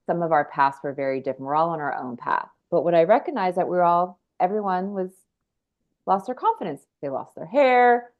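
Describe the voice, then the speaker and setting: Earnest woman in her forties as a rambling podcast guest, low voice, dull lo-fi audio. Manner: earnest, rambling, frequent restarts. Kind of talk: candid conversational storytelling.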